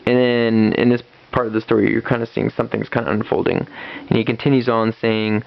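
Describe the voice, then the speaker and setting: Man, gravelly voice, rambling comic review, dull lo-fi sound. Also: lowish voice, level tone, fairly quick. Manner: rambling, many fillers and restarts. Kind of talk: casual comic review, retelling the story. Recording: dull lo-fi recording.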